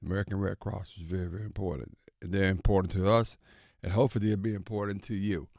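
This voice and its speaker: A man's voice: sits low, fast, creaky, no room sound, studio quality. Chatty male sports radio host. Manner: relaxed, affirming, chatty. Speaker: sports talk show host. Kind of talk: casual sports radio talk.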